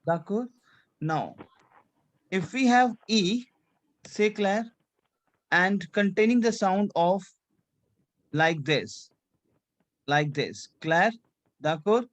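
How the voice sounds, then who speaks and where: A man's voice: sits high, expressive, very slow, pauses often. A male French teacher running a class, repeating points and having students repeat after him, slipping French check-ins into his English. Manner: repetitive drilling, asks students to repeat; drops French checks like "c'est clair" into English. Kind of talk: language class instruction.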